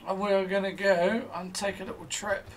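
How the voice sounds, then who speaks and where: A man's voice: high-pitched, flat delivery, fairly quick, a little hiss or hum. A man giving casual commentary as he plays a game, thinking aloud to himself. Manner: chatty, thinks aloud while playing. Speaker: let's play host.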